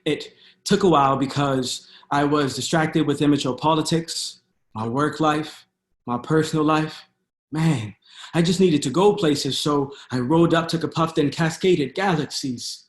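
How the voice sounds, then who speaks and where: A man performing spoken-word poetry in a rhythmic, measured cadence. His voice sits a little above the usual for a man. It carries the noticeable echo of a bare room on a video call. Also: a little high. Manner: rhythmic spoken-word delivery with hesitant fillers between pieces. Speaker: poet. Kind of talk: poetry reading.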